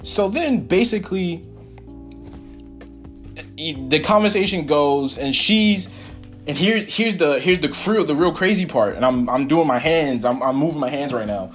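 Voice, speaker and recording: A young man hosting his own podcast, telling a personal story in a rambling, animated, profane way with lots of fillers. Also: a little high, measured pace, faint music behind. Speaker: podcast host. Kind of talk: casual solo storytelling.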